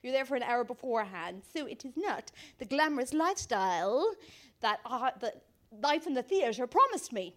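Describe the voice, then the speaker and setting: A high, lively voice from a woman in her thirties, swinging up and down as she tells a funny, self-mocking story. She laughs through her lines as she talks. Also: normal speed. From Ireland. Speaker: guest storyteller. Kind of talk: comic anecdote on a live podcast.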